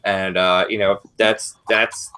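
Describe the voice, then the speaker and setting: A man's voice: sits low, takes it slowly, clear, resonant tone. Profane rambling man ranting. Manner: profane, rambling, animated storytelling. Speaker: podcast co-host. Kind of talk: casual ranting chat.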